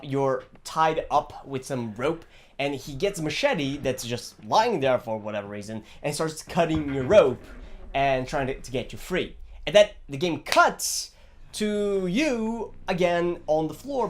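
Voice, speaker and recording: A young man from Brazil, chatting casually about a video game in an animated, rambling, jokey way. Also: fairly high pitch, slight background noise. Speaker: gaming vlogger.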